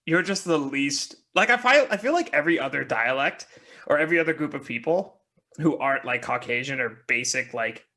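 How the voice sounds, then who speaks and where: A man's voice: on the high side, expressive, brisk, pushed and bright. A man from Canada co-hosting a casual beer podcast, eagerly explaining slang and swearing casually. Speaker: podcast co-host. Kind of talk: casual chat over beers.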